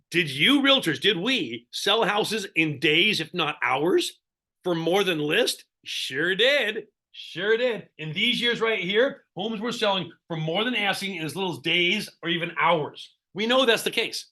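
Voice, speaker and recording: A man coaching real estate agents in a live online seminar, animated and sarcastic, often asking the audience questions. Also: high voice.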